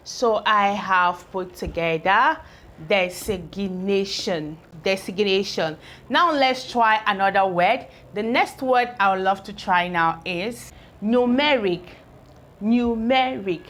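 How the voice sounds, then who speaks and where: A woman's voice: mid-range voice, fairly bright tone. A woman teaching English spelling, sounding out syllables one by one and checking that learners follow. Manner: slow, drawn-out syllables, sounding out each piece; asks learners if they follow. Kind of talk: phonics lesson at a board.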